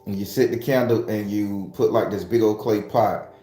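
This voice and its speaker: Low-voiced man in casual chat. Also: fairly even intonation, normal speed, warm tone. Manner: loose, rambling and profane, talking straight to viewers. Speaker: host of a morning prayer stream. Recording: echoey room with faint music.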